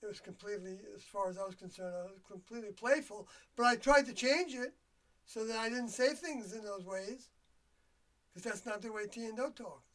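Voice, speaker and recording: An older livestream host speaks in a rambling, reflective solo monologue. The speech is halting, with trailing phrases and pauses while searching for words. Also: mid-range voice, steady tone, a bit bright. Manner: reflective and confiding. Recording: voice a bit distant from the mic.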